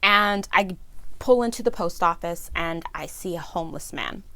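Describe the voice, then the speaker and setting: A woman from California, a nonprofit founder and vlogger, tells a personal story to camera, quoting her own thoughts aloud. She grows emotional, her voice breaking as she cries and apologizes. Her voice sits on the low side at a normal speed, with vocal fry and a pushed, bright quality, and there is no echo.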